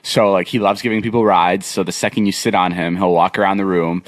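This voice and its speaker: A man's voice: sits low, brisk, no room sound. A young man telling a long story on a podcast in a casual, rambling way, full of fillers and restarts. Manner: rambling, filler-heavy, animated retelling. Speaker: podcast co-host.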